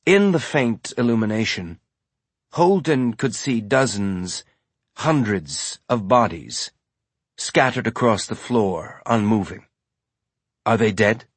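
Husky low-voiced male audiobook narrator. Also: lively intonation, slow pace, dry recording.

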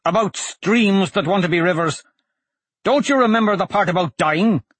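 A man's voice: high voice, moderate pace, a bit bright, breathy edge, dry recording, pitched above the performer's own voice. A man voicing a grumpy old male priest with a nasal voice and a scolding, sarcastic manner.

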